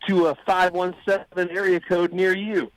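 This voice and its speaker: High-voiced man rambling on live radio. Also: level tone, moderate pace, no room sound, rough recording. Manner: rambling, profane, acts out quoted voices. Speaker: radio show co-host. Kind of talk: casual storytelling on live radio. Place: radio studio.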